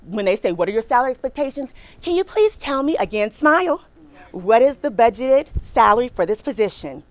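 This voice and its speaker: A middle-aged woman giving a lively workshop talk on careers to a live audience in a hall, emphatic and repeating her points, often checking in with "right?" and "okay?". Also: fairly high pitch, fairly quick. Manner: acts out quotes with a bright smile in her voice.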